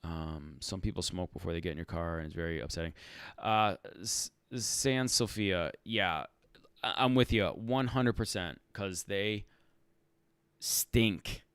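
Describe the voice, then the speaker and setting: A man hosting a casual livestream Q&A for rideshare drivers, animated and talking in fits and restarts. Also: low-pitched, unhurried, clean tone, no echo. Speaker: rideshare channel host answering live chat.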